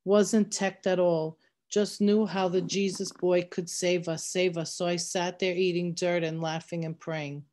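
A woman's voice: fairly low pitch, little pitch movement, measured pace, darkish tone, close to an everyday voice. A woman reading the part of a rambling, addled old frontier man who talks in a dreamy, repetitive sing-song. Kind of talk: reading a novel aloud.

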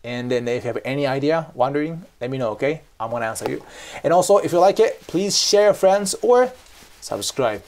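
A man from Japan with a Japanese accent, hosting a lesson and explaining to camera in an animated way, often checking in with "okay?". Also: medium pitch, a little fast. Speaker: host teaching culture. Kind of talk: explanatory vlog talk to camera.

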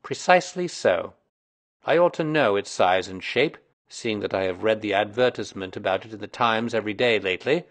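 A man's voice: mid-range voice, natural voice. A man reading aloud voices a self-assured Victorian male detective explaining his deductions in a precise, lecturing way.

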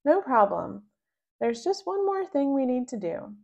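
A woman voicing a very smiley, kind female doctor who talks cheerfully and gently. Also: high voice, sing-song, measured pace, creaky, voice pushed up, exaggerated voice.

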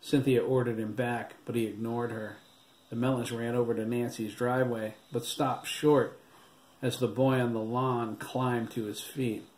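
A man's voice: mid-range voice, little pitch movement, a little slow, a little mellow. Man narrating an audiobook in a roomy echo. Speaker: author reading his own novel. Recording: roomy echo, faint background hiss.

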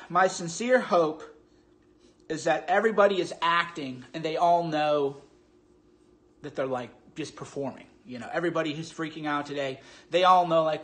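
A man, his voice pitched a little high, rants casually to camera as a political commentator. He sounds mocking and sarcastic, hammering his points with emphatic, scornful delivery. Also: normal speed, a bit bright, echoey room.

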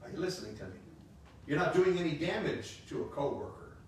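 A man's voice: fairly high pitch, very animated, a little fast. A man in his fifties preaching a sermon as pastor, emphatic, repeating phrases and slipping in joking asides. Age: 50s. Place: church sanctuary. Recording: echoey hall, distant mic, faint hiss.

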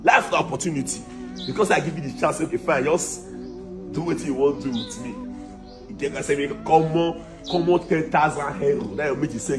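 A swaggering young scammer, played by a man, taunts and threatens in a Nigerian accent. His voice sits a little high. Music runs under the comic skit. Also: close to an everyday voice. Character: boastful young male scammer who swindled his girlfriend.

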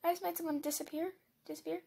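A woman commentating her game, excitable and rambling, jumping from loud squeals to hushed whispers. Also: very high-pitched, fast talker, vocal fry. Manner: rambling with many fillers. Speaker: gamer.

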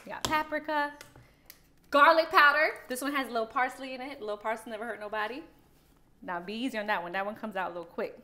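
A woman's voice: on the high side, quick pace, sharp tone, slight background noise. A young woman cooking in her home kitchen and walking her partner through a recipe with upbeat, teasing coaching. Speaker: host teaching cooking. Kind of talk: casual cooking instruction. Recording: music playing underneath. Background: background music.

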